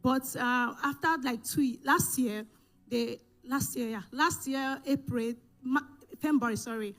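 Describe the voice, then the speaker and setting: High-voiced woman giving testimony. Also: fairly bright tone. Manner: halting storytelling with restarts and self-corrections. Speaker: church member giving testimony. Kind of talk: emotional personal testimony. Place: church service.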